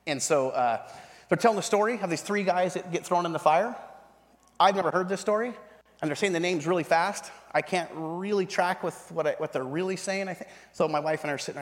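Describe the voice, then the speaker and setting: A man in his thirties giving a sermon testimony, telling the story with animated storytelling and acting out the voices of the people in it. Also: high voice, fairly quick. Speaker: pastor. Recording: reverberant hall.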